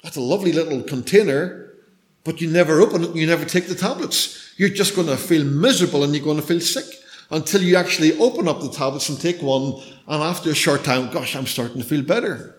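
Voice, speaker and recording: Man preaching with hushed storytelling. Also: on the high side, fast. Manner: storytelling, shifts between loud emphasis and hushed near-whispers. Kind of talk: sermon.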